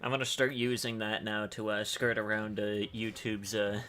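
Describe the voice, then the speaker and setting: A man's voice: on the low side, fairly even intonation, moderate pace, bright, forceful tone. A man co-hosting a stream, joking crudely and sarcastically in casual chat. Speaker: stream co-host.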